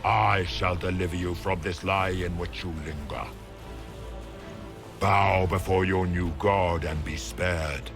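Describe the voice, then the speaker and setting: Villain god, very deep, slow, contemptuous, grandiose, game voice, faint music. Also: male voice, steady tone. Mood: scornful. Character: ancient would-be god, menacing male villain. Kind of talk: game voice acting.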